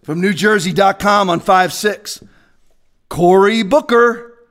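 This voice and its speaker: A man preaching as a pastor in a fiery, confrontational rant, swinging between shouting and hushed asides. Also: high voice, slow pace.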